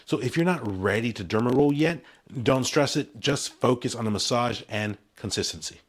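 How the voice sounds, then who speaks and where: A man's voice: mid-range voice, moderate pace, breathy edge. A man in his forties delivers a scripted promotional talk straight to camera. He speaks in short, punchy, emphatic phrases with an upbeat sales energy, like a vlogger selling his own product. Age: 40s.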